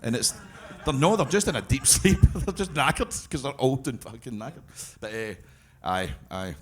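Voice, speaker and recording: Husky Scottish man, excited wrestling fan. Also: mid-range voice, moderate pace. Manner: enthusiastic fan chatter, swearing freely. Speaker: podcast co-host. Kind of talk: live podcast banter. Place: brewery event space with live audience.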